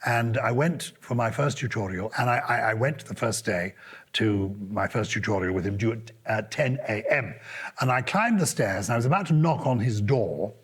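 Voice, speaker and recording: A man's voice: on the low side, normal speed, slightly rough. An older English man, co-host of a podcast, telling a story in casual chat and briefly putting on the voices of other people. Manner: animated anecdote-telling with put-on voices.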